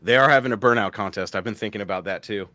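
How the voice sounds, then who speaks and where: Low-voiced man hosting a casual live chat. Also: fast talker, bright, forceful tone, no room sound. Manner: rambling, laughs often, many fillers. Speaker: host.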